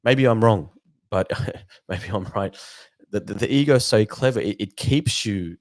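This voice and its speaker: Male host for a spiritual book discussion. Low voice, dry close sound, thoughtful and meandering delivery with halting restarts. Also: no room sound. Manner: thoughtful and meandering, with frequent "you know" and repeated words. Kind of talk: reflective spiritual book discussion, reading passages aloud.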